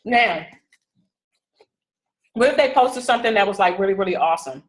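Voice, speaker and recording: A woman who leads a fitness business team coaches them in a casual, direct way, often pausing to ask "okay?" to check they understand. Her medium-pitched voice is animated and at normal speed, on a low-quality recording.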